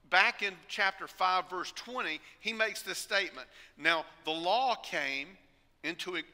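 Emphatic preacher in a reverberant church. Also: male voice, on the high side, pushed and bright. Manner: emphatic, calls on the congregation for responses. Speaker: pastor. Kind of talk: sermon. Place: church sanctuary.

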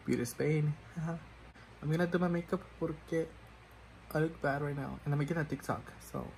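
A man's voice: a little high, fairly even intonation, brisk, creaky, rough recording. A man chatting casually while doing his makeup, rambling and self-mocking, switching languages mid-sentence. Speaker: makeup vlogger.

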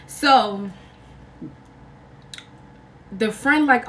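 A young woman vlogger telling a story in a casual, slangy, animated way, acting out other people's lines. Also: a little high, measured pace, pauses often, far from the mic. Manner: animated, slangy, acts out quotes with big jumps in voice.

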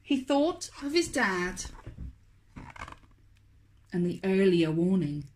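A woman, a children's author, reading a picture book aloud to toddlers in a slow, expressive, sing-song way. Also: mid-range voice, slight background noise. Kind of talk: storybook read-aloud for toddlers.

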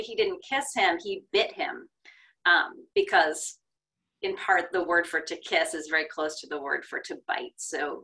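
A woman Torah scribe explaining interpretations in an online class, measured with some fillers. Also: on the low side, sharp tone, rough recording.

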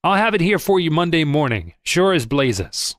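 A man's voice: a little high, big pitch swings, normal speed, a bit bright, dry recording. A man voicing a harried bucket-shop manager who talks in a placating, folksy way, in an audiobook reading.

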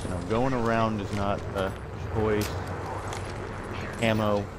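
A man's voice: fairly low pitch, little pitch movement, takes it slowly, heavy background noise. A man giving casual commentary while playing a shooter game, chatting to himself and poking fun at his own play. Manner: chatty, talks to himself, self-deprecating. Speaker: gamer streaming solo play. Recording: game gunfire and ambience behind voice.

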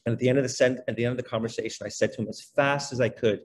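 With slight background noise behind him, a middle-aged man speaks in a medium-pitched voice as a podcast guest. The basketball trainer shares his life story casually and animatedly, talking fast and leaning heavily on fillers such as "you know" and "like."

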